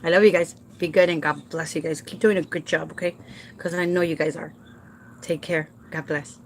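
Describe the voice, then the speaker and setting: Woman, home care provider, casual vlog, lowish voice, emotional, halting restarts. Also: fairly even intonation, slight background noise. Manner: emotional and heartfelt, addresses viewers as "you guys"; halting with repeated restarts when upset. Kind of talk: casual talk to viewers.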